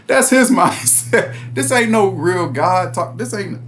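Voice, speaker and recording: Laughing man with a lively voice. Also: high-pitched, slow pace, slight background noise. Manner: laughs often, conversational and mocking. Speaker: bible study host. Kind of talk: casual commentary on scripture.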